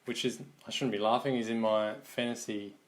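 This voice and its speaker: A man's voice: lowish voice, steady tone, a little fast. An Australian man hosting a live trading card box break, calling out teams and players in an easygoing running commentary.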